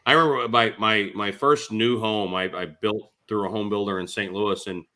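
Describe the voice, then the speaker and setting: Bright-voiced man telling stories. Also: lowish voice, normal speed. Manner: animated anecdote-telling, laughing often. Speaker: podcast guest. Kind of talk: casual storytelling.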